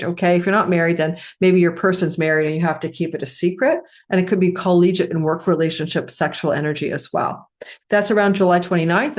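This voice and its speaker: A middle-aged woman astrologer giving a chatty forecast, clearing her throat often and coughing, correcting herself as she goes. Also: on the low side. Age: middle-aged or older.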